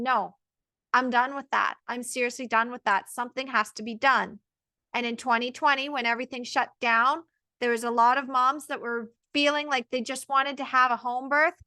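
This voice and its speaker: A birth coach in her thirties tells her own story in an earnest, emphatic monologue packed with quoted self-talk, meant to motivate. Her voice sits high, with a bright, forceful tone and no echo.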